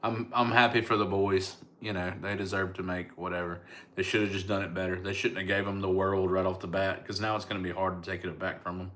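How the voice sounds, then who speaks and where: Laid-back Southern joker on a live stream; lowish voice, teasing chat-reader. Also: male voice, little pitch movement, a little fast, sharp tone. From Alabama, US. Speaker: comedian and online host. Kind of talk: casual live-stream chat answering comments.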